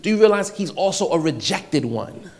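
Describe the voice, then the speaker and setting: A man preaching a sermon, repeating short phrases and swinging between loud exhortation and hushed, near-whispered passages. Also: a little high, sing-song, moderate pace, vocal fry.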